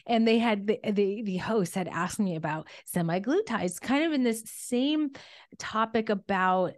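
A woman's voice: mid-range voice, measured pace. A woman hosting a podcast, speaking enthusiastically with frequent restarts and fillers. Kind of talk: podcast conversation.

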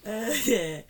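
A woman's voice: high-pitched, darkish tone. A woman co-hosting a podcast in casual chat, teasing and swearing, laughing often. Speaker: podcast co-host.

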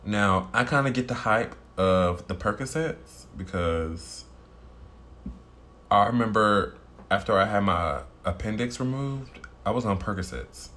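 A man's voice: on the low side, lively intonation, measured pace, bright, forceful tone. A man co-hosting a podcast, teasing his co-host and laughing often. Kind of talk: casual chat.

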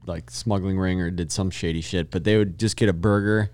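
A man's voice: deep voice, fairly even intonation, darkish tone, clear, resonant tone. A man co-hosting a casual podcast chat, telling stories with plenty of cursing. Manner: quick, profane storytelling. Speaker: podcast co-host.

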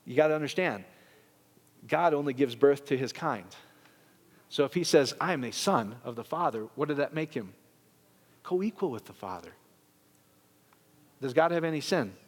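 Animated preacher in a reverberant church. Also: male voice, medium pitch, moderate pace, pauses often. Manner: animated, joking with the congregation. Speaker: pastor. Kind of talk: sermon. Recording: long reverb of a church hall.

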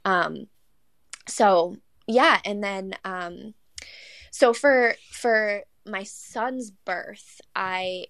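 A young woman telling a personal story as a podcast guest, chatty and animated, full of likes and self-corrections, acting out the voices of the people she quotes. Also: drawn-out words, no echo. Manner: animated, acts out quoted voices with big pitch jumps. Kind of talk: casual storytelling.

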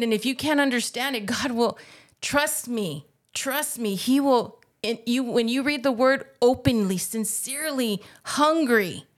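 A woman co-hosting a faith podcast, earnestly telling a personal testimony and urging listeners, with emotion coming through. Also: fairly high pitch. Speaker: podcast co-host.

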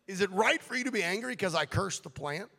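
A man preaching a sermon as pastor, shifting from quiet, hushed passages to loud, shouted appeals, acting out the voices he quotes. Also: sits high, expressive, fairly quick, vocal fry, big-room sound. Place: church sanctuary.

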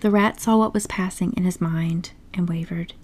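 A woman narrating a classic story aloud in a measured, expressive way. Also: lowish voice. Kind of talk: audiobook storytelling.

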